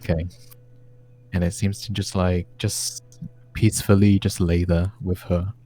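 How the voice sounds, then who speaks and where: A man's voice: low voice, little pitch movement, measured pace, mellow, low-quality recording. A man running a tabletop game as game master, narrating in a laid-back way with frequent fillers.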